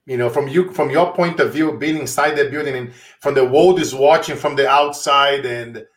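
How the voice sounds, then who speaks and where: A man hosts an interview in a loose, rambling manner, circling back over his words. He fills gaps with repeated fillers as he builds toward his questions. His voice sits at an ordinary middle pitch. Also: moderate pace. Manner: rambling, repetitive with many fillers. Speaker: interview host. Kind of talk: conversational interview.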